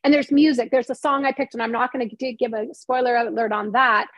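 A middle-aged woman with a high, bright voice chats as an interview guest, spinning her stories with energy and slipping into the voices of the people she quotes. The sound is close and dry, with no room around her. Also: a little fast, no room sound. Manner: animated storytelling, acts out quoted dialogue. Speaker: interview guest, novelist and screenwriter. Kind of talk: casual interview chat.

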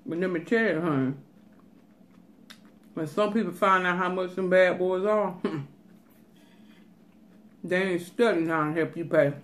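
A woman's voice: lowish voice, a little slow, pauses often. Woman giving emphatic casual advice. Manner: emphatic, advice-giving, repeats "let me tell you". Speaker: cooking and mukbang vlogger. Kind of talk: casual chat.

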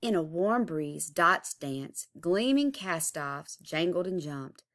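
Unhurried woman art teacher reading a storybook aloud, chanting its refrains, lower voice. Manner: expressive, with chanted rhyming refrains.

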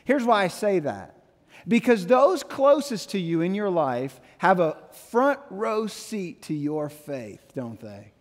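A man in his thirties preaching a sermon, animated, with playful asides and quotes he acts out. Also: high voice, in a large hall. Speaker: pastor.

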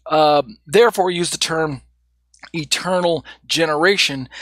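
A man's voice: a little high, fairly bright tone, dry recording. A man teaching an evening Bible study, reading quoted passages aloud and then explaining them with rhetorical questions and frequent fillers.

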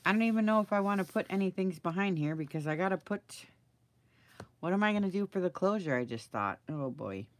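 A middle-aged craft video maker, lowish-voiced and animated, talks fairly quickly through a live crafting project, asking viewers for tips as she goes. The recording is dry.

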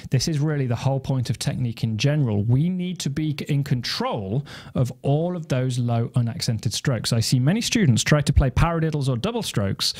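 A man's voice: mid-range voice, lively intonation, a little fast, a little mellow. A man teaching snare drum technique, explaining step by step and counting beats aloud. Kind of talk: instructional demonstration. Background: snare drum playing.

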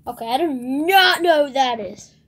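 A woman hosting a let's play video, rambling and excitable, shrieking whenever something surprises her in the game. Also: high-pitched, normal speed. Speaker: gaming video host.

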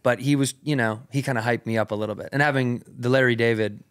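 A man's voice: mid-range voice, steady tone, fast talker, clean tone. A man, a comedian guest on a podcast, telling a long story in casual, slang-heavy, swearing chat into a studio mic. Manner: loose and slangy, peppered with "like" and "rad", swears freely.

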